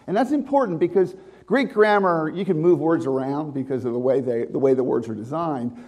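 A man's voice: a little high, a little fast, a little mellow, highs cut off. A man preaching a conversational sermon to a congregation, with asides and restarts. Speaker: pastor.

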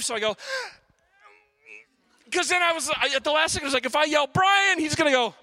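High, bright-voiced male comic storyteller. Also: brisk, pauses often, no echo. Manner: animated storyteller, acts out voices and sound effects. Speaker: stand-up comedian. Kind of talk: stand-up storytelling.

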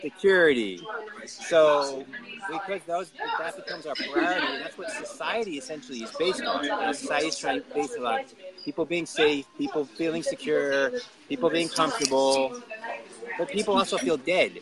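A man hosting a podcast, reflecting in an earnest, philosophizing and somewhat halting way. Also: a little high, crowd noise. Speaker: podcast host. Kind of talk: reflective casual conversation.

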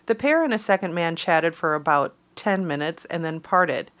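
Dry-witted woman co-host with a lowish voice. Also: expressive, normal speed, fairly bright tone. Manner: dry, dismissive asides. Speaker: radio co-host reading news stories. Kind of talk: reading news items in radio banter.

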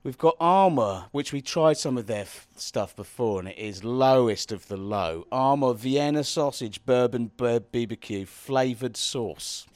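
He talks a little slowly with few pauses, his mid-range voice a touch mellow, and there's no echo. The speaker is a British podcast host with a British English accent, rambling through casual chat at a house party and often interrupting himself mid-sentence.

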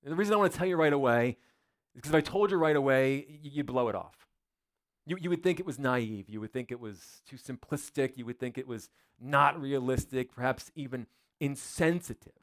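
A man's voice: mid-range voice, brisk. A male pastor preaching a sermon in a church, in a conversational, joking way full of rhetorical questions.

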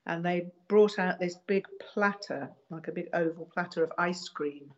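A woman being interviewed, recalling past events in a hesitant, casual way with many pauses and restarts. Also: fairly low pitch, dull audio.

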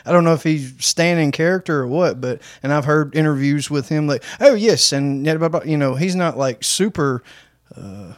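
A man in casual podcast chat, teasing and joking with quick quips. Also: on the high side, no echo, clean studio sound. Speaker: podcast co-host.

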